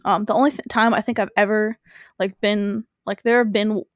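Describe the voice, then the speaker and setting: A woman's voice: medium pitch, normal speed, no echo, clean studio sound. A woman co-hosting a podcast in casual chat, rambling with lots of fillers. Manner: rambling, many fillers, animated. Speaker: podcast co-host.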